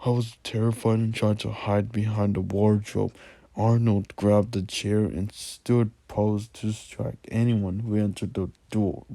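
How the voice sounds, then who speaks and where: A man reading a first-person horror story aloud in a slow, halting way. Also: on the low side, level tone, creaky, dark tone, no room sound.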